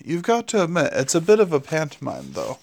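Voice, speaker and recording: A man's voice: on the high side, huge pitch swings, a little fast, vocal fry, darkish tone, heavily acted. A man voicing a laid-back male demon who talks in a wry, sarcastic way.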